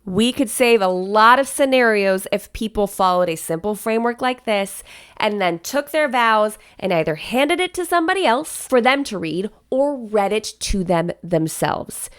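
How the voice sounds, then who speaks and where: A woman's voice: medium pitch, animated, normal speed, clear, resonant tone. A woman wedding planner giving advice in a casual vlog, chatty and direct, often checking in with "okay?".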